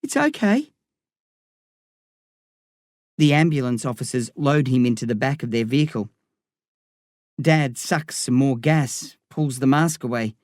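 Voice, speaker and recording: A man reading a first-person novel aloud in a measured storytelling manner. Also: medium pitch, steady tone, a little mellow, dry recording, clean studio sound. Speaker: narrator. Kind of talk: audiobook narration.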